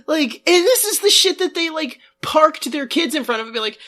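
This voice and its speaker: A woman's voice: sits high, expressive, normal speed, few pauses, fairly bright tone. Rambling sarcastic podcast woman. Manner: rambling with many fillers, laughing, sarcastic. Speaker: podcast co-host. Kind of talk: casual comedy podcast chat.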